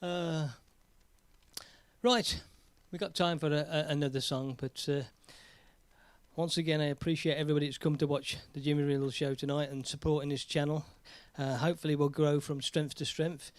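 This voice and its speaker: An English man rambles cheerfully as he hosts his own music live stream, cracking jokes between songs. His voice sits a little high and sounds close and dry. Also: steady tone, normal speed, no echo. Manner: chatty, rambling, jokey. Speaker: live stream host and singer. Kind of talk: casual live stream chat.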